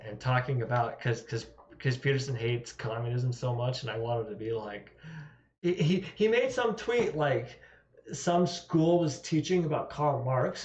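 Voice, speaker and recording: Male streamer, slow and rambling, self-mocking, laughs a lot; roomy, muffled home stream audio. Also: mid-range voice. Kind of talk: casual live-stream chat. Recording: roomy, dull lo-fi sound.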